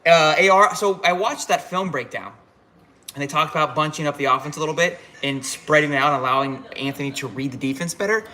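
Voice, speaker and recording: A man's voice: a little high, fairly quick, bright, forceful tone, a little hiss or hum. A tipsy man hosting a live halftime reaction stream, fired up and rambling with frequent restarts. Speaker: fan livestream host.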